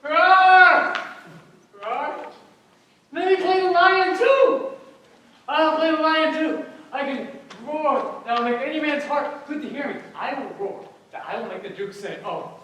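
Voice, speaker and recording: A man's voice: very high-pitched, slow pace, slight background noise, exaggerated voice. A man doing a boastful hammy weaver. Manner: loud, showy, swooping delivery. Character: boastful hammy male weaver, eager to play every part. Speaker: stage actor. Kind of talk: stage play performance. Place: theater stage. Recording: echoey stage from far off.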